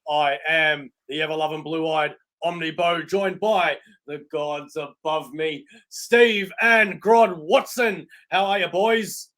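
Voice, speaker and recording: A man's voice: on the high side, steady tone, measured pace, hardly any pauses, a bit bright. An Australian man hosting a podcast, making playful, showman-like introductions in casual chat. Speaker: podcast host.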